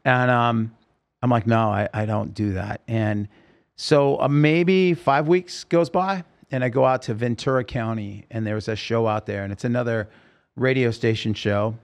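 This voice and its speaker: A man's voice: medium pitch, normal speed. A man telling his life story as a podcast guest, acting out the voices of people he quotes. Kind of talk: storytelling interview. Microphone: podcast microphone.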